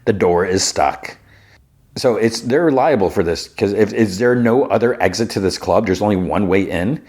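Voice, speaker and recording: A man hosting a podcast, casually retelling a TV episode and jumping up in pitch to act out the characters' lines. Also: normal speed. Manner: animated retelling, acting out characters' lines in a raised voice. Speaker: podcast host. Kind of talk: casual movie and TV recap.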